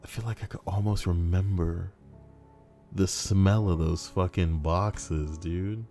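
A man's voice: deep voice, fairly even intonation, slow pace, mellow, soft background music. A young man casually reading out forum posts, rambling and sarcastic, with frequent swearing. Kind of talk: casual reaction commentary.

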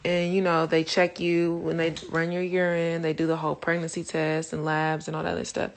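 Gravelly young woman chatting on a livestream. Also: low-pitched, monotone, fairly quick. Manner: casual, swears freely, addresses viewers as y'all. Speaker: Instagram Live host. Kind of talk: casual livestream chat. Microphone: phone.

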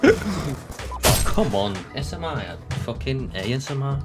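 A young man in gaming banter, cursing and yelling at his friends over a headset. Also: mid-range voice, sing-song, takes it slowly, loud music behind the voice. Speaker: gamer.

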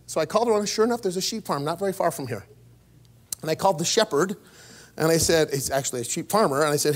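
A man preaching a sermon as pastor, telling stories with sudden jumps in pitch and small laughs along the way. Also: expressive, fast talker. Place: church.

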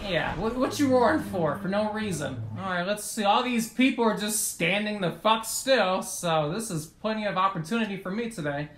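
A man yelling and trash-talking through his gameplay commentary, his pitch leaping up and down as he swears at opponents. His voice is bright and edgy, and it rings in a roomy, echoing space with a faint hiss underneath. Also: expressive, moderate pace. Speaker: gaming YouTuber. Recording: roomy echo with faint noise.

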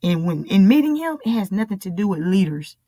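A woman's voice: medium pitch, sing-song, dark tone, no echo. Emphatic woman preaching a sermon. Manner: emphatic, repetitive preaching with drawn-out phrases.

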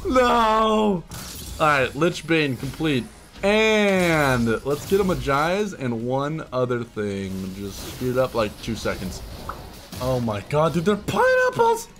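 A young man giving excited, laughing commentary while playing a video game, with loud yelps between mumbled asides. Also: medium pitch, slow, slight background noise. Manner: hyped, yelling bursts and mumbled asides; laughs often. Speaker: streamer. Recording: game music behind voice. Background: game music.

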